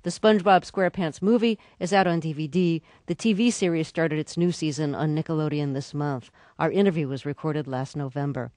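A woman hosting a radio interview, asking calm, measured questions. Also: deep voice, no echo, studio quality. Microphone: studio microphone.

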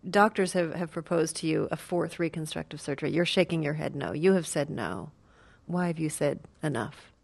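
A woman hosting a public radio news show, measured and conversational, in a studio. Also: low-pitched, creaky, dry recording.

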